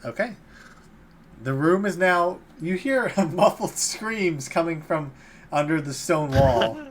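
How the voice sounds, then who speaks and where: Dm guy narrating the game, bouncy high-ish voice, chuckles, noisy line. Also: expressive, takes it slowly. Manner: laid-back, chuckles while narrating. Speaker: dungeon master.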